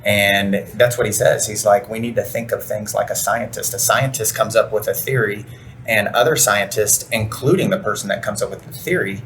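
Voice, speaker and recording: A man's voice: on the low side, a bit bright, slight background noise. A man hosting a podcast interview, enthusiastic and affirming, chatting casually with his guest. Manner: enthusiastic, affirming, quick to agree. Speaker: podcast host and recruiter.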